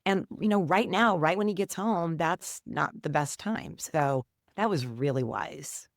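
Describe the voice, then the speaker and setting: A woman in her fifties speaking as a guest on a podcast, in a slightly low voice recorded dry and close to the mic. She tells her stories in an animated, chatty way and laughs every so often. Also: measured pace, gravelly, dry recording. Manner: animated storyteller, laughs while telling stories. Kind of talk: conversational storytelling.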